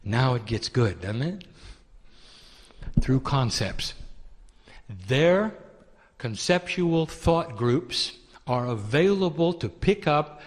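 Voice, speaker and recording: A man giving a channeled spiritual teaching, calling listeners "dear one" and asking rhetorical questions in a soft, deliberate way. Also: medium pitch, expressive, long reverb tail.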